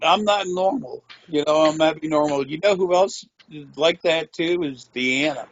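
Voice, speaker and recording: A man's voice: fairly high pitch, a little slow, dull audio, a little hiss or hum. A man telling a rambling personal story in a matter-of-fact way, with frequent swearing. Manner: meandering, profane, matter-of-fact. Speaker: interviewee.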